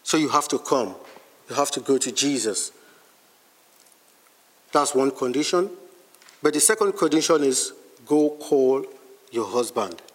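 A man preaching a sermon, slowly reading and explaining scripture with emphatic, deliberate phrasing. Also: mid-range voice, a bit bright, in a large hall.

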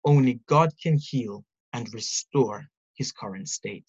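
A speaker giving an earnest, measured devotional Bible teaching, reading scripture and reflecting on it. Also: medium pitch, slightly rough, dull audio. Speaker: preacher.

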